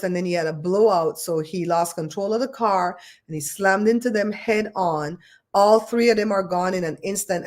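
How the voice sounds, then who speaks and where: A woman hosting a casual livestream, chatting and telling stories in an expressive way. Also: on the low side. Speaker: livestream host.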